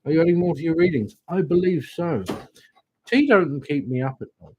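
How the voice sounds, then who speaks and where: Husky English man giving tarot readings. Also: on the high side, lo-fi sound. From England. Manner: musing, slow and rambling, chatty asides. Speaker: tarot reader. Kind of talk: livestream tarot reading chat.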